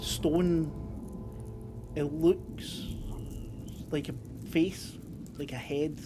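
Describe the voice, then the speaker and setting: A man running a tabletop game, describing scenes in halting narration. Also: on the high side, steady tone, noisy background. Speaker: game master.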